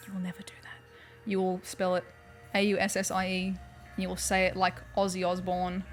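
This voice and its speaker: A woman's voice: on the low side, completely flat delivery, fairly quick, soft background music. Chatty Australian woman streaming a game. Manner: chatty and rambling, heavy on "like" and "um". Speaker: livestreamer. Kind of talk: casual chat while playing a video game.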